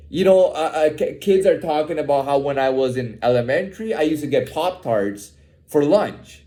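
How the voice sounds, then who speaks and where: Heated young man venting, profane and repetitive, with a lively voice. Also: fairly high pitch, moderate pace. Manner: heated, profane, repeats himself and says "man" a lot. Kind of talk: candid personal rant.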